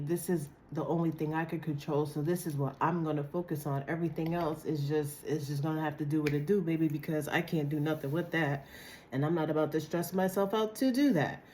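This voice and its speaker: Hoarse, raspy woman reading tarot. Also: deep voice, dark tone, a little hiss or hum. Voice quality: dry, raspy voice. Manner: blunt, chatty, slangy. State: hoarse from a cold. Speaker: tarot reader. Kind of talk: casual tarot reading to camera.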